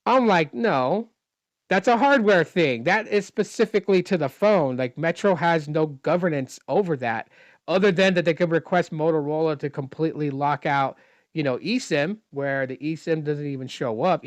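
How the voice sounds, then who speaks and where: Recounting a customer service call that left him unhappy, a man launches into an exasperated, casual storytime rant. He voices the dialogue himself and goes on at length about technical details. His voice is a little high and moderately paced, with no room sound in the recording.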